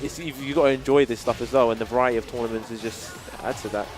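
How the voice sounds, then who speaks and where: A man doing excitable, analytical play-by-play for a fighting game tournament. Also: medium pitch, fast, soft background music. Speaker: co-commentator. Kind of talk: casual esports commentary.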